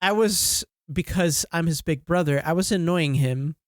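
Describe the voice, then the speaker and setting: A man's voice: fairly high pitch, normal speed, dry recording, studio quality. A man co-hosting a podcast, chatting casually and swearing offhandedly as he tells stories. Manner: laid-back, swears casually while storytelling. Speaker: podcast co-host. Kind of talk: casual chat.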